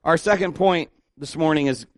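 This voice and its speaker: A middle-aged pastor preaching an animated sermon, acting out the people he quotes. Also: on the high side, moderate pace, no room sound, studio quality.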